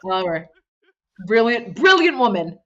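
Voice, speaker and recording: A woman in her thirties, a voice actor guest on a casual podcast, talking in an emotional, gushing and animated way. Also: on the high side, measured pace, highs cut off. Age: 30s.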